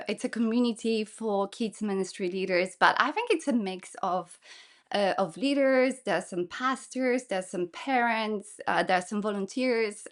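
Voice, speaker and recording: A woman from Poland with a mixed Polish and English accent, a kids ministry leader speaking earnestly in a casual podcast interview. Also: medium pitch. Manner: earnest, practical, searching for words.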